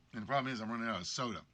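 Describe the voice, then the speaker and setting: A man's voice: mid-range voice, sharp tone, slight background noise. A man hosting a game show livestream, chatting casually and rambling about being sick, his voice congested and worn by a cold. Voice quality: weakened, congested voice. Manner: rambling, apologetic storytelling.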